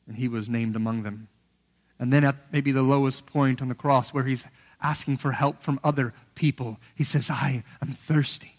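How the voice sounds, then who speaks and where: A man's voice: fairly even intonation, normal speed. Earnest male preacher in a reverberant hall. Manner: earnest, building to emphatic peaks and dropping to hushed lows. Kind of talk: sermon.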